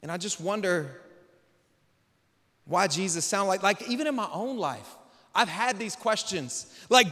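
A pastor preaching a sermon in a church, swinging between loud, urgent passages and quiet, low reflection. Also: male voice, animated, a little slow, long pauses. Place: large church hall. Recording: long hall reverb.

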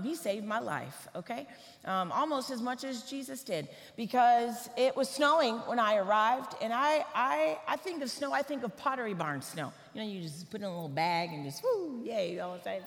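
A woman tells funny personal stories from the pulpit, lively and animated. Her voice sits fairly high. It rings out in a large church hall with a long reverb. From Atlanta, Georgia, US. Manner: lively, humorous, animated storytelling. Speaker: guest preacher. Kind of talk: church sermon, personal storytelling.

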